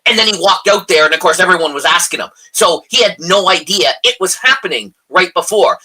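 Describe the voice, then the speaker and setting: A man's voice: high voice, brisk, hardly any pauses, pushed and bright, breathy edge. A man co-hosting a live coffee chat stream, ranting hotly about football and swearing freely. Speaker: co-host. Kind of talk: casual chat. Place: live stream video call.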